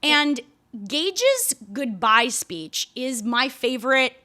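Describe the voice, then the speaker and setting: A woman in her twenties co-hosting a comedy podcast, animated and quick to laugh. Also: sits high. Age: 20s. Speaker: podcast co-host. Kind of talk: casual comedic chat.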